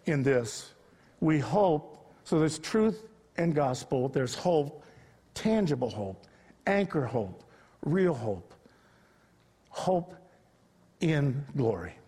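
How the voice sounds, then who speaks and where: A man's voice: high-pitched, breathy edge. A man preaching a sermon, telling stories and rising to emphatic peaks. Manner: storytelling preacher, builds to loud emphatic peaks. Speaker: pastor. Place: church sanctuary. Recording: long reverb of a large hall.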